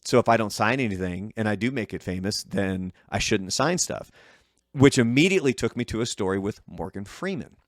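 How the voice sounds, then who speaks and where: A man in his thirties rambles through a story on a casual podcast, his voice hoarse and catching in his throat. He swears freely, restarts his sentences and keeps the talk loose. The sound is close and dry. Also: on the low side, brisk, no echo. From Portland, Oregon. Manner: swearing, many restarts, lively quoting of others. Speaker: podcast co-host.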